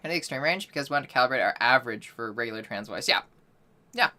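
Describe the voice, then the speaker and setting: Casual, loose-talking woman streaming her voice practice, with a very deep, low voice. she has a tense, bright edge to it, swears freely and keeps saying sorry for being rusty. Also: lively intonation, fast. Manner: loose, chatty, swears casually, reads out chat; self-deprecating, apologetic about being out of practice. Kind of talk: casual livestream chat during voice training.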